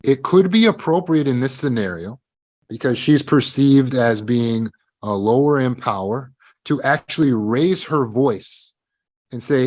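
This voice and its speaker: A man at an ordinary pitch gives an emphatic self-help lesson to his students. He talks straight to them and acts out what the people in his examples say, then drops back into his plain teaching voice. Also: expressive, unhurried, a little mellow. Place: live online meeting.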